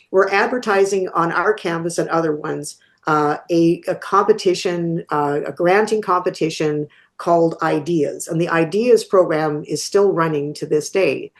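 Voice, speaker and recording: Woman, lowish voice, academic lecturer, unscripted Q&A, thoughtful, hesitant, restarts. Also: moderate pace. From Canada. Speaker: academic speaker answering questions.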